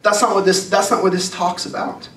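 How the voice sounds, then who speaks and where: A man's voice: sits high, fairly even intonation, fairly quick, fairly bright tone. Earnest man preaching in an echoey hall. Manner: earnest, conversational, repeats phrases for emphasis. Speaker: youth pastor. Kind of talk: sermon to students. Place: church youth hall. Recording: echoey hall, mic at a distance.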